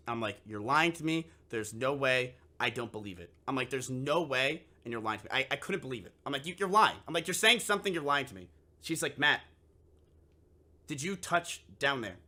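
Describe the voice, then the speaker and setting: A man's voice: mid-range voice, animated, fairly quick, bright, forceful tone. A young man streamer telling a story casually to his live chat, swearing freely and acting out both sides of the conversation.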